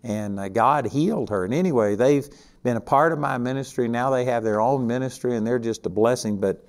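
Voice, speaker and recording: This older man from Texas, a Bible teacher, speaks briskly in a mid-range voice with a Texan accent. His sermon is folksy and conversational, marked by emphatic stresses.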